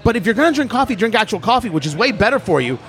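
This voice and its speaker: A man's voice: high voice, very fast. Opinionated man on a podcast. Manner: animated, opinionated, trails into restarts. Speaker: podcast host. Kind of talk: casual podcast chat.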